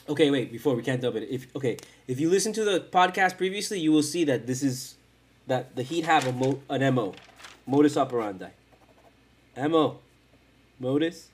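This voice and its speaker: A man's voice: medium pitch, a little mellow. Rambling, profane man hosting a podcast. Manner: rambling, profane, self-mocking, chanting and sing-song bits. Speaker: podcast host. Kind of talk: casual solo podcast rant. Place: at home in front of a camera.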